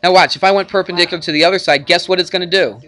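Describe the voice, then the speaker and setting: A man's voice: sits high, fairly even intonation, racing, bright, forceful tone. A male math teacher lecturing a class in a classroom, chatty and jokey, bantering with his students.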